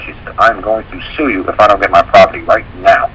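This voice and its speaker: A man with a fairly low voice tells stories on a talk radio show, rattling along at a brisk clip. He rambles and slips into the voices of the people he quotes. A faint hiss of noise sits under the recording. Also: fairly even intonation, a bit bright, rough recording. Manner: rambling storytelling, acts out quoted dialogue.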